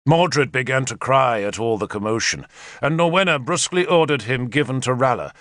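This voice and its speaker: A man reading a historical novel aloud as narrator, in a measured first-person storytelling manner. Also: mid-range voice, dry recording. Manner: measured storytelling with lively intonation. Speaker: audiobook narrator.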